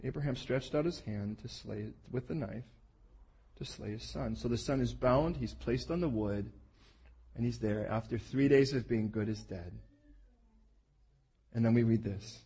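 A husky-voiced man delivers a sermon, retelling scripture in lively, conversational storytelling. He slips into playful acted-out voices for the figures in the story. His pitch sits in an ordinary middle range. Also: unhurried, pauses often. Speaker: preacher.

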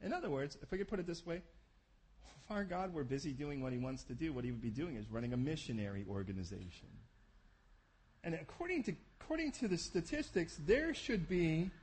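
A man preaching a sermon, animated, acting out scenes with voices. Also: fairly high pitch, a little fast, a little hiss or hum. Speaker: pastor.

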